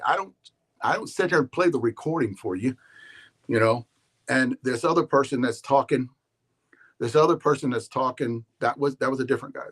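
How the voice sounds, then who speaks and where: Man, podcast host, mid-pitch voice, loose rambling monologue, animated and full of restarts. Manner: animated, storytelling, frequent restarts and laughs.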